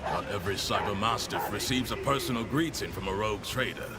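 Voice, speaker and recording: A man's voice: fairly low pitch, brisk, over a noisy crowd, lightly acted. An actor playing a stern male enforcer officer who gives formal, clipped orders.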